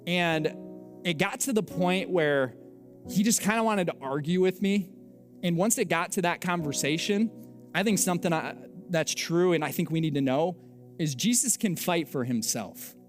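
A young adult man, a pastor, telling a story in a sermon with animated, self-mocking delivery and acted-out dialogue. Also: on the high side, normal speed, faint music behind.

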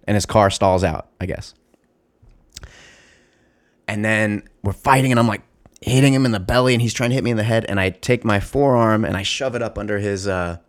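A man with a fairly low voice tells a story in loose, casual talk. He is animated and profane, with lots of fillers and restarts. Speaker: former store security guard.

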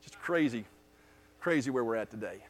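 A man's voice: mid-range voice, animated, normal speed, soft background music. A man preaching a sermon at a church service, emphatic, often checking with the congregation by asking "right?". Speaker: pastor.

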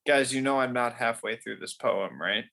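A man's voice: medium pitch, moderate pace, gravelly, sharp tone. A young man hosting a casual chat, telling rambling, profane stories and laughing often.

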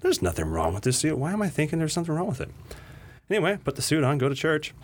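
A man telling a story in casual talk, his husky voice swinging widely in pitch. He acts out the lines he quotes with a relaxed ease. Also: quick pace.

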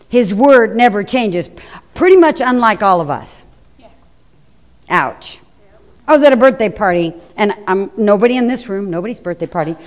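A middle-aged woman preaching a sermon, telling stories and talking directly to the congregation. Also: a little high. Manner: conversational, anecdotal, addresses the congregation. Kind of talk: sermon with storytelling. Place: church hall. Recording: echoey hall reverb.

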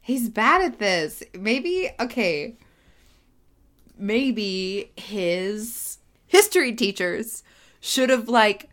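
A woman co-hosting a podcast, playful and quick to laugh, chatting casually. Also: medium pitch, sing-song, fairly bright tone. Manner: playful, laughs often, exaggerated quoted voices. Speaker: podcast co-host. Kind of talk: casual chat recapping a TV episode.

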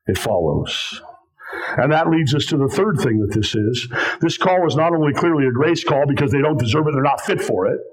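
A man, a pastor, preaching a sermon in church, repeating phrases for weight and dropping low and slow on key words. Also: animated, slightly rough, rough recording.

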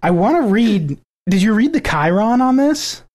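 This podcast co-host from the American South keeps things casual, laughing a lot as he pokes fun at what he's hearing. He sounds high-pitched, darkish and very animated, speaking at a moderate pace.

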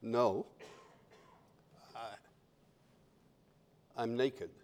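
A man voicing a timid, ashamed man hiding in a garden, speaking very softly and stammering. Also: mid-range voice, fairly even intonation, very slow, big-room sound, pitched below the performer's own voice. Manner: quiet stammering whisper-soft voice.

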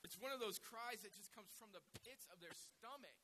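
A man preaching a sermon as a pastor, telling the story with animated delivery and acting out voices and calls. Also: high voice, moderate pace, rough recording. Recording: hissy recording.

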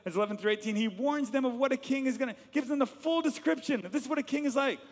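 High-voiced man preaching in a hall. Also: fast. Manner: animated storytelling, repeats words and phrases. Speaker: pastor. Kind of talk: sermon.

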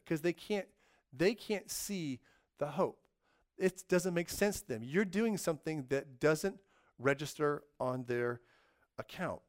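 A man preaching a sermon, animated and acting out voices in his illustrations. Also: a little high, moderate pace.

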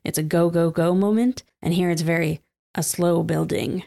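Lower-voiced woman chatting about books. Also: steady tone, normal speed, vocal fry, warm tone. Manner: enthusiastic, laughs often, reads passages aloud. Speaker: podcast co-host. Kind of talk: casual book-club chat.

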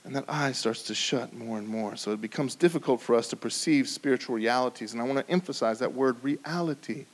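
A man preaching a sermon, with sudden rises in pitch and volume and drops to a quiet, low voice for emphasis. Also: a little fast, hardly any pauses. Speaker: pastor.

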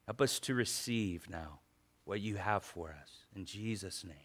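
A man's voice: lowish voice, measured pace, a bit bright. A male pastor preaching a sermon in a conversational way, repeating phrases for emphasis.

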